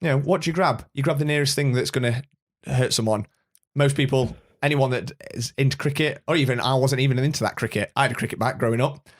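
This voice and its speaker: Excitable man chatting as podcast co-host. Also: medium pitch, fast. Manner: enthusiastic, rambling fan talk. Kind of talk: casual chat.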